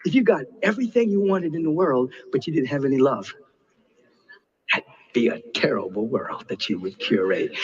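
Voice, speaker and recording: Impassioned husky-voiced male preacher. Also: medium pitch, animated, normal speed, big-room sound. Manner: impassioned, swinging between hushed and soaring. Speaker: spiritual teacher. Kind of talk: inspirational sermon. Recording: dull lo-fi recording.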